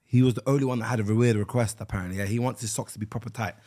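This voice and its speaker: A man's voice: lowish voice, steady tone, rapid-fire, dark tone. A young man, co-hosting a podcast with easygoing, slangy banter. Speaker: podcast co-host. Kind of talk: casual chat.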